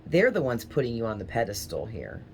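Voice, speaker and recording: A woman's voice: rumbling low, wildly swooping pitch, a little fast, a little mellow, slight background noise. A woman giving a casual tarot reading, talking in a rambling, hesitant way with small stutters. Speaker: tarot reader.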